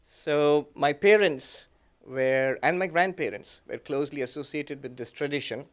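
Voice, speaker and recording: A man, a monk, giving a reflective talk that mixes his own story with teaching, speaking gently with frequent fillers and soft laughs. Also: on the high side, a little slow. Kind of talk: reflective lecture with personal story.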